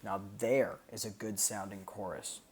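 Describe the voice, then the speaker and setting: A man's voice: fairly low pitch, steady tone, a little slow, a loud crowd. A man streaming a casual breakdown of his own songs, explaining loosely with lots of fillers and sung sound effects. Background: loud music playing from the track.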